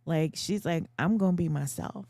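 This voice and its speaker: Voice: mid-range voice, normal speed, darkish tone, dry recording, studio quality. A podcast co-host chatting casually, agreeing often and adding short supportive remarks.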